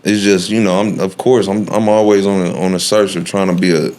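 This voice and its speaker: A man's voice: low voice, flat delivery, fairly quick, darkish tone. A man talking as a podcast guest in casual conversation, blunt and heated, with plenty of profanity and street slang. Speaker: podcast guest, cannabis brand founder.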